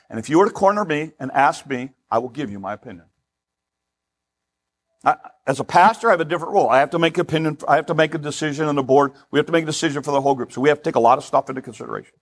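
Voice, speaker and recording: A male pastor preaching a sermon in an emphatic, conversational way, often repeating words for stress. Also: on the high side.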